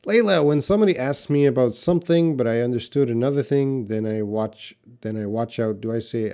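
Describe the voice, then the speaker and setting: A man's voice: mid-range voice, warm tone. Male English teacher, patient explainer, live Q&A. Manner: patient, explanatory, repeats words slowly for learners. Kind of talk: live Q&A class, reading viewer questions.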